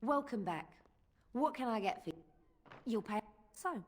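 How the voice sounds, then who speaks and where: A woman's voice: a little high, expressive, unhurried, in a large hall. An actress voicing a welcoming female tavern keeper in a video game, with businesslike lines.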